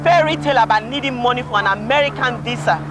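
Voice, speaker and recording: A woman's voice: a little high, quick pace, over music, lightly acted. An actress with a Nigerian accent playing an exasperated young woman who scornfully turns down her boyfriend in a film drama. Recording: film audio with loud score and traffic.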